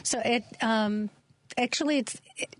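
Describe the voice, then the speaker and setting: A woman's voice: on the high side, measured pace, no room sound. A woman being interviewed on a radio talk show as a forest therapy guide, speaking earnestly and hesitating with many ums.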